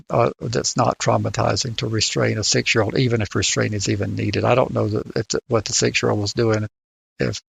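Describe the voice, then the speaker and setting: A man's voice: lowish voice, creaky, slightly rough, dry recording. An older man co-hosting a casual podcast discussion, often repeating words as he starts his sentences. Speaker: podcast co-host.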